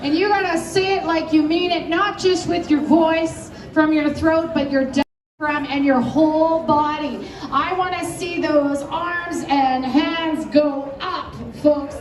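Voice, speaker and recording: A woman emceeing a rally, hyping the crowd with energetic call-and-response chants. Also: high voice, slow pace, reverberant, recorded from a distance, low-quality recording. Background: crowd noise.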